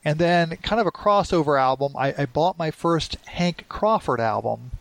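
A man's voice: on the high side, lively intonation, moderate pace, creaky, no room sound. A man from downstate Illinois co-hosting a podcast, chatting casually with a wry, rambling manner. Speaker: podcast co-host. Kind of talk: casual chat.

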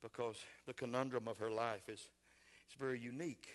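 A pastor preaching a sermon in a church, swinging from shouted, impassioned lines to quiet, tender ones. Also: male voice, mid-range voice, fairly even intonation, a little fast. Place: church sanctuary.

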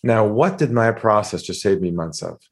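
A man with a fairly low voice talks as a guest on a podcast. He tells a sales story and acts out the phone calls in shifting voices. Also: animated, normal speed. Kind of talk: storytelling interview talk.

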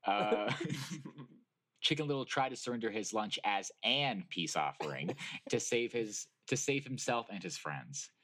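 A man's voice: on the low side, a little slow. A man co-hosting a podcast, reading fan fiction aloud and joking around. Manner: lively, jokey. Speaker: podcast co-host.

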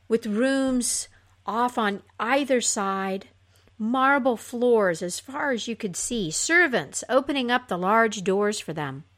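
A woman reads a fairy tale aloud at a leisurely pace. Her voice is expressive and rises and falls a great deal, and it drops softly at the ends of phrases. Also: mid-range voice. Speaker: storyteller.

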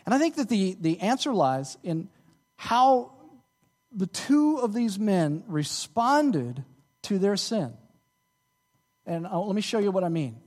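A man preaching a sermon as pastor, animated and rising to emphatic peaks. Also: sits high, slow pace, pauses often, big-room sound.

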